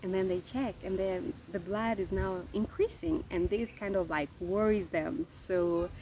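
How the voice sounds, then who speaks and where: A young mother chats to her viewers as she tells her birth story, casual and direct. Her pitch sits in the middle range. There is clear noise in the room around her. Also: measured pace, darkish tone. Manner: chatty, addresses viewers directly.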